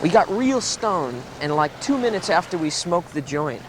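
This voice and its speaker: A young man telling a story in a casual interview, lively and acting out the voices he quotes. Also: fairly high pitch, normal speed. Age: 20s. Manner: animated, laughs often, acts out quoted voices. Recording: 1970s tape with background noise.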